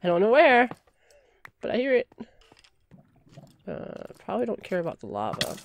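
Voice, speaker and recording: Lively woman gamer chatting through play. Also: mid-range voice, normal speed, vocal fry, long pauses, slight background noise. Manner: chatty, talks to in-game items, shrieks when startled. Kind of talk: let's play commentary.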